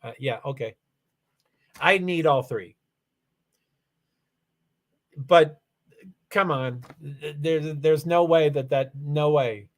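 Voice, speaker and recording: A man hosting a casual livestream, rambling through viewer comments and software settings with many restarts. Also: on the high side, takes it slowly, pauses often. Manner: rambling, repeats "allegedly", frequent restarts. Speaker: livestream host.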